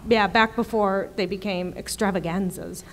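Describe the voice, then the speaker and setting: A woman TV writer on a convention panel, chatty and quick to laugh as she tells stories. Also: mid-range voice, steady tone, a little hiss or hum. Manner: chatty, laughs often mid-story. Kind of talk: panel discussion.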